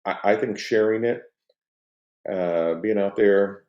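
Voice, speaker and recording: A man's voice: on the low side, slow pace, a little mellow, reverberant, muffled recording. A middle-aged man and company co-founder chatting casually on a live stream from home, rambling with many restarts and fillers and reading out viewer comments.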